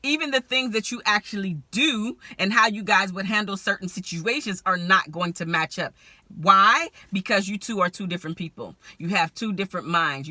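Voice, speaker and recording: A woman relationship strategist talking to camera in a vlog, candid and animated, laughing often as she gives marriage advice. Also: medium pitch, no echo.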